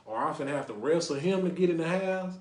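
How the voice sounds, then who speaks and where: A man hosts a laid-back podcast, talking in loose runs that keep circling back to "you know what I mean". His voice sits a little high for a man, and it bounces around an echoey room. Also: expressive, fast. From Lake Highlands, North Dallas, Texas. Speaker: podcast host. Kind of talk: casual podcast talk with call-ins.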